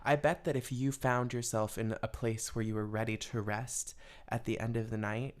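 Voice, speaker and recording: A man's voice: mid-range voice, flat delivery, moderate pace. A young adult man hosting an advice podcast, musing in a rambling, casual way with many fillers. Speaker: podcast host giving advice.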